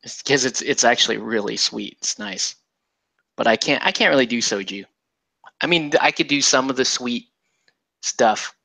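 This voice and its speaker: A man's voice: medium pitch, moderate pace, gravelly, pushed and bright, no room sound. A man in casual chat as a podcast co-host, easygoing, laughing often and using many fillers.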